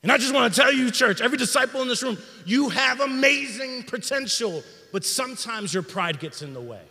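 Bright-voiced male pastor preaching. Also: extremely high pitch, quick pace, long reverb tail. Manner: energetic, conversational preaching with slang. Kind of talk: sermon. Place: church sanctuary.

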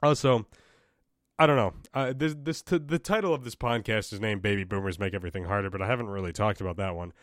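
A man's voice: on the low side, fast, no echo, clean studio sound. A young man hosting a solo podcast, ranting casually with profanity, exasperation and frequent restarts. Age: young adult. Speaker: podcast host.

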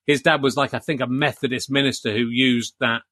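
A man's voice: mid-range voice, steady tone, a little fast, bright, forceful tone, no echo. A man from Yorkshire hosting a comedy podcast, with faint traces of a Yorkshire accent, chuckling and self-deprecating in casual chat. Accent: English, faint Yorkshire traces. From Yorkshire, England. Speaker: podcast host.

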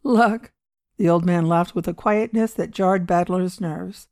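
A woman reading a short story aloud in a measured, even storytelling manner. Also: lowish voice, no echo, clean studio sound. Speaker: audiobook reader. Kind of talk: storytelling narration.

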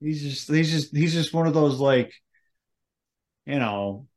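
A man's voice: a little high, expressive, measured pace, darkish tone. A man co-hosting a podcast, rambling in casual chat and searching for his words. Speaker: podcast co-host.

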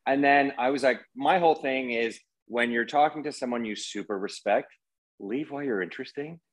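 A man's voice: mid-range voice, a little fast, low-quality recording. A man as a podcast guest, telling rambling anecdotes with many fillers in casual conversation.

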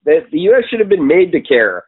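A man's voice: fairly high pitch, sing-song, a little fast, breathy edge. A Canadian man co-hosting a podcast, talking politics in an opinionated, profane, rambling way with many ums. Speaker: podcast co-host. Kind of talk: casual political chat. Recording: tinny phone-like sound.

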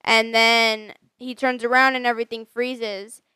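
A woman chatting casually and adding plot details in a lively back-and-forth. Her voice sits a little high and sounds smooth and clear. The recording is close and dry. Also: a little slow, dry recording. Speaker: movie recap co-host. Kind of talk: casual chat.

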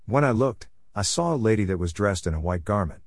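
A man's voice: lowish voice, lively intonation, fairly quick, dry recording, studio quality. A man preaching an earnest, solemn sermon testimony about a vision of heaven.

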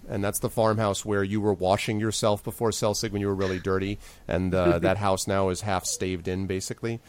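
Low-voiced man running a tabletop game. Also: little pitch movement, normal speed, few pauses, clear, resonant tone. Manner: rambling, filler-heavy. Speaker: game master.

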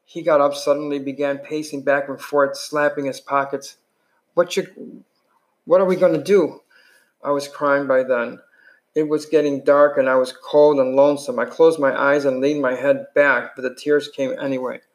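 A man's voice: medium pitch, little pitch movement, moderate pace. Man reading a novel aloud, with slips. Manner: unpolished reading with slips and restarts. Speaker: reader.

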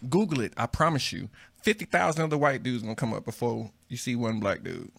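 A man's voice: medium pitch, animated, a little fast, creaky, a bit bright. A young man co-hosting a podcast, laid-back and articulate, chatting casually and swearing freely. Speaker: podcast co-host.

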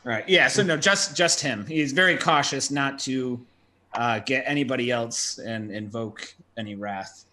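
Man, tabletop player, bright tense voice, rambling. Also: medium pitch, normal speed. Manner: rambling, many fillers. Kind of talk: playing a tabletop game.

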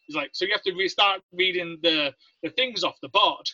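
A man's voice: high-pitched, fairly quick, hardly any pauses, dry recording. A man from Leeds with an English accent, telling stories as an interview guest and acting out the people he quotes. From Leeds, England. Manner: animated, acts out quoted voices. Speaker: guest, Navy veteran. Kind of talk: casual interview storytelling. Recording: dry, dull lo-fi sound.

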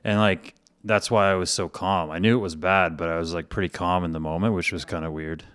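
A young man from Canada recalls events in a halting way, often restarting his sentences and filling gaps with "like." His voice is very deep and smooth. The sound is dry and close, with no room echo. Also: fairly even intonation, fairly bright tone. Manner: hesitant, restarting sentences, many "like". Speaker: podcast co-host. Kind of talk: casual conversation.

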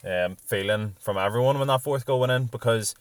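A man co-hosting a casual football chat, measured and asking thoughtful questions. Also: mid-range voice, clean tone, dry recording. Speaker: podcast co-host.

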